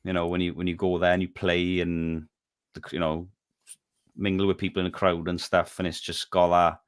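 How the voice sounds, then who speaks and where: This is a man, a guest singer, chatting in a relaxed and friendly way. His voice is very deep. The sound is dry and close to the mic. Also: normal speed, dry recording. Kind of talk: casual interview chat.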